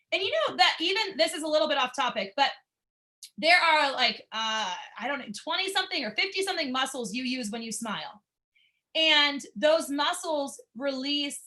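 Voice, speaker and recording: A woman's voice: sits high, sharp tone. A young adult woman, a martial arts instructor, giving an upbeat, encouraging talk to her class and asking them questions.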